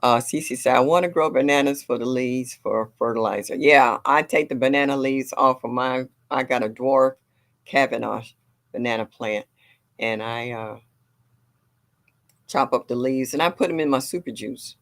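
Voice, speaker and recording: A woman's voice: extremely low pitch, normal speed. An older woman hosting a gardening livestream, chatting casually and reading viewer comments aloud. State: a little sore.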